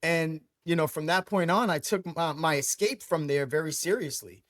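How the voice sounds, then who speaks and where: Energetic New man telling his story. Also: fairly high pitch, normal speed, dry recording, clean studio sound. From Brooklyn, New York. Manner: energetic, emphatic, repeats words when starting phrases. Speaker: franchise owner guest. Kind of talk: storytelling interview.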